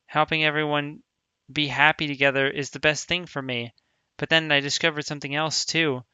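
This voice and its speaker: Sayori, a quietly sad schoolgirl read by a man. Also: on the high side, clean tone, no echo, highs cut off. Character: teenage girl, cheerful on the surface, hiding deep depression. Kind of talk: reading a visual novel aloud.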